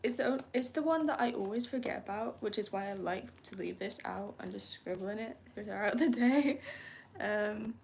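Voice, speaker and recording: A young woman talking casually to her live-stream viewers, her voice often dropping into a gravelly fry at the ends of phrases. She chats in a relaxed, upbeat way, rambling a little. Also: mid-range voice, normal speed, a little hiss or hum. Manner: chatty, upbeat, rambling with frequent laughs. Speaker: host of a live journaling stream.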